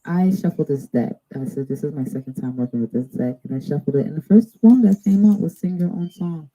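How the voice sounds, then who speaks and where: A woman giving a live-streamed tarot reading, drawing out each card's message slowly between chatty asides to her viewers. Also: low-pitched, dark tone, low-quality recording. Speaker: tarot card reader. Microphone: two cameras.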